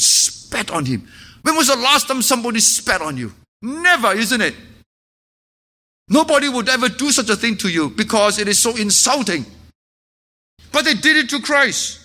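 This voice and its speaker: Male pastor, sermon delivery, high bright voice, earnest and impassioned. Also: very animated, unhurried. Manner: impassioned preaching, dropping to hushed earnest tones.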